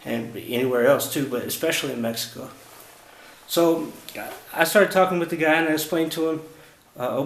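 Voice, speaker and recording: A travel vlogger telling a story casually and frankly, with some swearing, acting out both sides of a conversation. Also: male voice, fairly high pitch, reverberant, a little hiss or hum.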